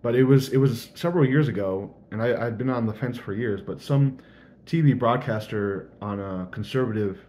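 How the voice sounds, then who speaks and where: A man's voice: mid-range voice, moderate pace, a little mellow, a little hiss or hum. A young man thinking aloud in a casual, earnest vlog monologue.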